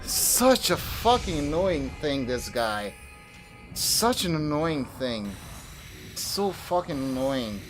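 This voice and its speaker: A man's voice: a little high, sing-song, takes it slowly, music in the background. A young man streaming a video game, talking through his play, swearing and grumbling at the enemy and his computer. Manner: cursing, exasperated at the game. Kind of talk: live gameplay commentary.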